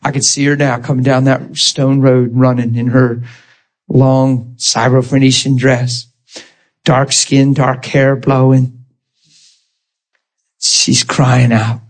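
A man's voice: medium pitch, level tone, slow. A man preaching a sermon, emotional and vivid, acting out scripture scenes and laughing often.

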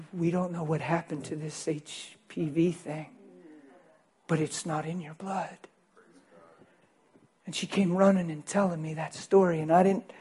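Male pastor, fairly high husky voice, animated sermon storytelling, drops to a hush then bursts out loud. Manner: animated, swings between loud and hushed.

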